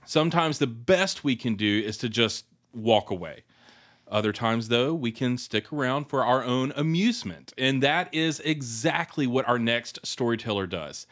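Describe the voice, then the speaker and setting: A man hosting a storytelling radio program, reading scripted links in a measured, polished way. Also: mid-range voice, expressive, a bit bright. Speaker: radio show host.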